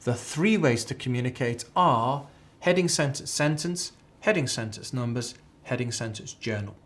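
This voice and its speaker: A man's voice: mid-range voice, lively intonation, moderate pace, a bit bright. A man teaching an accounting exam class, chatty and repeating key phrases as a drill. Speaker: accounting tutor. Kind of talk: live exam tuition lecture.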